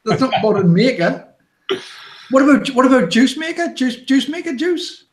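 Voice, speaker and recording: A man's voice: extremely high pitch, expressive, moderate pace. A British man co-hosting a casual chat show, bantering playfully and giggling. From United Kingdom. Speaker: podcast co-host.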